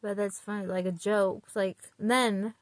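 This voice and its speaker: A woman's voice: mid-range voice, fairly even intonation, moderate pace, dry recording. A woman chatting casually about a book while getting ready, rambling and laughing often as she retells scenes. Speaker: vlogger.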